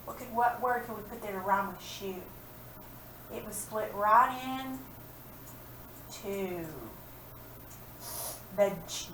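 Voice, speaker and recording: Woman teacher, slow patient delivery, stretched-out sounds, echoey room, off-mic. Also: mid-range voice, fairly bright tone, far from the mic, slight background noise. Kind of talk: recorded phonics and reading lesson for children.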